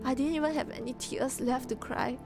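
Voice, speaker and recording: A woman reading a story aloud and voicing a small grieving girl who speaks in halting, quiet words, holding back tears. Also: high-pitched, fairly even intonation, pitched above the performer's own voice, natural voice. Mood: halting, sad. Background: music.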